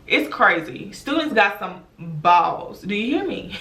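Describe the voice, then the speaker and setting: Bright-voiced woman telling a storytime. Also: medium pitch, slow pace, reverberant. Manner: animated, emphatic, talks straight to viewers. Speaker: teacher and vlogger. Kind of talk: storytime vlog.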